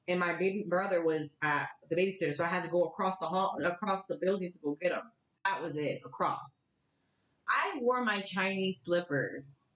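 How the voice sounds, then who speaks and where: A young woman from Florida, a podcast guest telling stories in casual chat, candid and animated, swearing now and then. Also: on the low side. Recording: echoey room.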